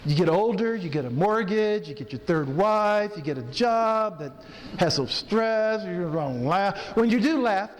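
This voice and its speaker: High-voiced man coaching slowly in a hall. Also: animated, a little hiss or hum. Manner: coaching an audience through breathing, demonstrates laughter. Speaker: chaplain leading a laughter yoga workshop. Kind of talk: interactive workshop talk. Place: hotel event room. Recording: long hall reverb, faint ambience.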